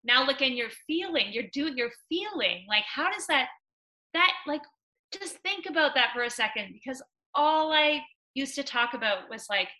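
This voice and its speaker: A young woman on a podcast telling a personal story in a chatty way, full of "like" and loud acted-out quotes. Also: high voice, lively intonation, moderate pace, rough recording. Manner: chatty, many "like" fillers, acts out quotes loudly. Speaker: podcast guest.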